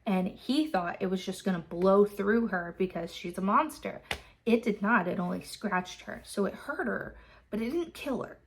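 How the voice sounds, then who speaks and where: A woman's voice: medium pitch, moderate pace. A woman hosting a book club, casually recapping a chapter in a loose, filler-heavy way and swearing freely.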